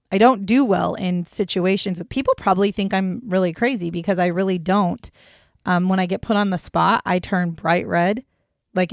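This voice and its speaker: A woman's voice: mid-range voice, no room sound, studio quality. A young woman co-hosting a true crime podcast, talking casually and bluntly, swearing freely. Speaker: podcast co-host.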